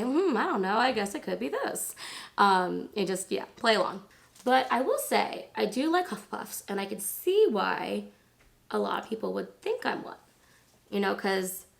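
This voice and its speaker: A woman in her thirties, hoarse from laryngitis, chatting casually and rambling through a makeup tutorial. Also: medium pitch. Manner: chatty, rambling, lots of fillers. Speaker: beauty vlogger.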